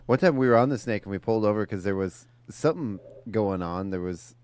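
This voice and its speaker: A man co-hosting a radio morning show, telling anecdotes in an easygoing, unhurried way into a studio microphone. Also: fairly low pitch, lively intonation, noisy background. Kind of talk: casual on-air chat and storytelling.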